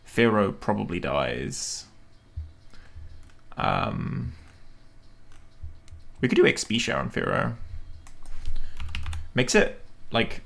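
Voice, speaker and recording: A man's voice: fairly low pitch, gravelly, a bit bright. A man streaming a video game, thinking aloud and questioning himself as he plans a battle. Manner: musing, self-questioning, hesitant.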